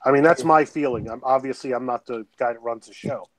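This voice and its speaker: A man's voice: mid-range voice, brisk, over a noisy crowd, poor audio. A man playing a tabletop game, talking casually and pushing the group to keep going. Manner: talkative, reasonable, keeps the group moving. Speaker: player.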